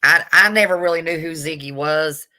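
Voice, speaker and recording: A woman streaming her casual commentary on a video, blunt, sassy and quick to swear. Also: low voice, bright, forceful tone.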